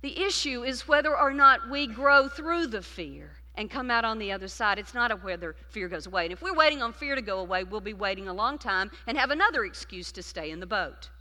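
A woman preacher delivering a sermon, swinging between loud emphasis and hushed, intimate passages. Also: on the high side, animated, fairly quick, few pauses. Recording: long reverb of a large hall.

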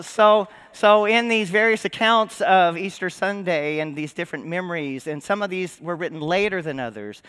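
Bright-voiced preacher with a lilt. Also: male voice, fairly high pitch. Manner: conversational preaching, asks the congregation questions. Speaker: pastor. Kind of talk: Easter sermon. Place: church sanctuary.

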